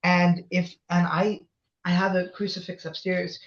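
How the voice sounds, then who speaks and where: A man's voice: sits high, completely flat delivery, measured pace, a bit bright. A man in his twenties, a guest in an interview, talking with passion and insistence and repeating his points. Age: 20s. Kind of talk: emotional conversational interview. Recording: dull lo-fi audio.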